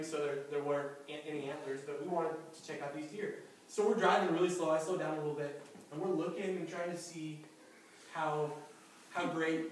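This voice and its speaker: High-voiced man preaching in echoey church. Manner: lively anecdotal storytelling with chuckles. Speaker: pastor. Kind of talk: sermon storytelling. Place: church sanctuary. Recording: very echoey church hall from far off, faint noise.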